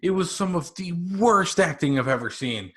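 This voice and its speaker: A man's voice: fairly high pitch, lively intonation, normal speed, a bit bright. A young man in his twenties, a guest on a casual podcast, telling stories eagerly with lots of "like" and "um". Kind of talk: casual review chat.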